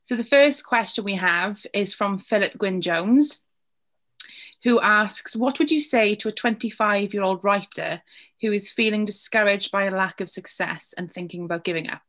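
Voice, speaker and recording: A woman's voice: medium pitch, normal speed, fairly bright tone. A woman moderating an online panel, greeting viewers in a friendly way and reading out audience questions.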